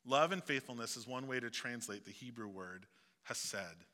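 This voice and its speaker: A man's voice: medium pitch, normal speed, pushed and bright. A male pastor with a Southeast Missouri accent, preaching a sermon in a conversational way with joking asides. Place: church sanctuary. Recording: long hall reverb.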